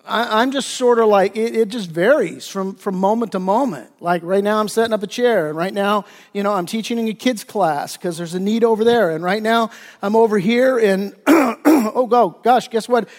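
A man with a high voice preaches a conversational sermon. He is animated, voices imagined listeners, and often restarts his sentences. His words ring out with the long reverb of a church hall. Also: normal speed. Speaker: pastor.

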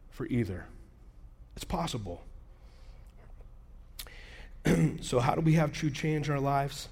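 A man preaches a sermon like he is talking with friends. His voice sits a little higher than most men's. He tells anecdotes and brings them to life with animated quoted dialogue. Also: husky. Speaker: pastor.

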